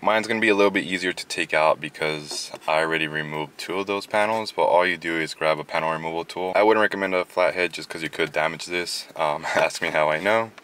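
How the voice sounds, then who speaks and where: A man's voice: low-pitched, fairly quick, hardly any pauses, a little hiss or hum. A man hosting his car channel, talking through a casual how-to with lots of fillers, a bit out of breath. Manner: relaxed, filler-heavy, chatty.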